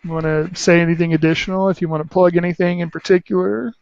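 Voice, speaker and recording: A man hosting an interview, asking questions in a relaxed, hesitant way with many fillers. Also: sits high, quick pace, vocal fry. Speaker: podcast host. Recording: dull lo-fi sound.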